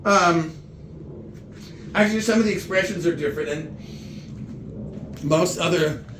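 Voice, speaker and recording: Slightly high-voiced guy rambling through a comedy bit, lots of restarts, roomy echo, faint hum behind. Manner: meandering, halting delivery with many restarts.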